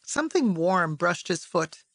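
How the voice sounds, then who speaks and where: A woman narrating literary fiction as an audiobook, in a measured, even storytelling voice on a close mic. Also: fairly low pitch, no echo.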